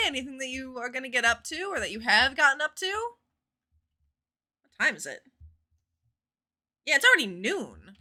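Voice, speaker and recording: A woman streaming a game live, chatting casually with viewers in a bubbly, animated way and swearing freely. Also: sits high, moderate pace, long pauses. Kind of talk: casual live-stream chat while gaming.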